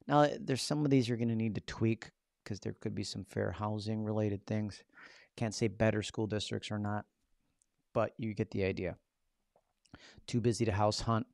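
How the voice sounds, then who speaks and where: A man's voice: fairly low pitch, fairly even intonation, moderate pace, gravelly, a little mellow, no room sound, studio quality. A man hosting a live-streamed tutorial, talking in a casual, chatty way with jokey asides to viewers. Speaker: host teaching a live session.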